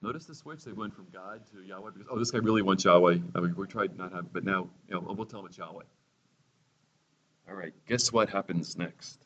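A man's voice: sits low, fairly quick, a bit bright, lo-fi sound. A man teaching a Bible lesson sermon-style, sarcastic and theatrical, raising his voice for the quoted lines.

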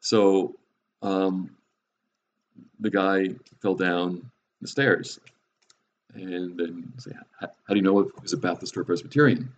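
A man's voice: low-pitched, fairly even intonation, unhurried, long pauses. A middle-aged man teaching in a casual, conversational way, with frequent restarts and chuckles at his own jokes. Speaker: Christian speaker. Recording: dull lo-fi recording with faint noise.

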